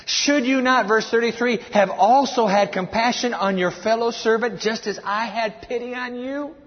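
A man preaching a sermon from scripture, emphatic and animated, telling his listeners to write things down. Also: very high voice, moderate pace. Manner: animated and emphatic, tells listeners to take notes. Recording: reverberant hall, dull lo-fi sound.

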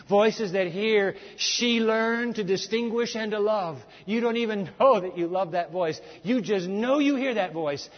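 A man preaching a sermon in a church, building to soaring, slowed climaxes and dropping to hushed tones. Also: high-pitched. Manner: impassioned, slows and swells at climaxes, drops to hushed near-whispers. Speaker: pastor. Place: church sanctuary. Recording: dull lo-fi sound in a reverberant hall.

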